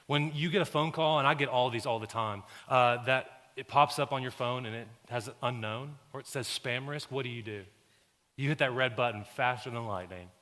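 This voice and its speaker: Man preaching in a reverberant church. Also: mid-range voice. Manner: builds from calm to loud, intense preaching. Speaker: pastor. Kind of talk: sermon. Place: church sanctuary. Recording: long hall reverb.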